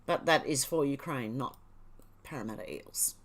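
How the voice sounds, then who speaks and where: A woman's voice: rumbling low, lively intonation, moderate pace. A woman from Australia, casually reading news items aloud and mocking them. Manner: sarcastic, reads headlines aloud and mocks them. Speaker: channel host.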